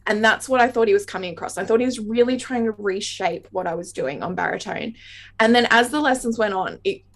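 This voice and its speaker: A woman's voice: medium pitch, a little fast. An Australian woman in her thirties, a saxophonist guest chatting in an interview, talking in tumbling bursts and laughing often. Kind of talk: casual interview chat.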